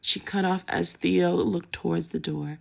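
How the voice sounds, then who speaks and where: Low, gravelly woman reading a story aloud, steady delivery. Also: unhurried. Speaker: audiobook narrator. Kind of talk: storybook narration.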